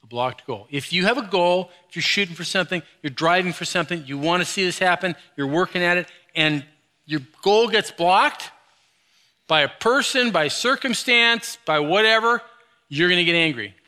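A middle-aged man preaching a sermon, moving between quiet low stretches and loud, high, animated bursts. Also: normal speed. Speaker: pastor.

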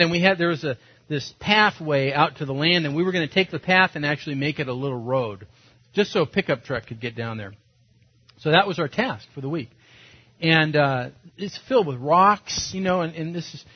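Male pastor, fairly high and husky, animated storyteller, lo-fi dull recording. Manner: animated, self-mocking, acts out quotes. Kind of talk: storytelling sermon. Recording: dull lo-fi sound.

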